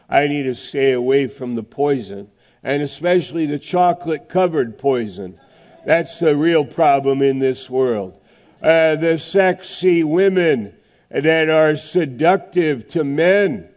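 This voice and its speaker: A middle-aged man preaching a sermon, emphatic, with dramatic pauses and swings from loud to hushed. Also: a little high.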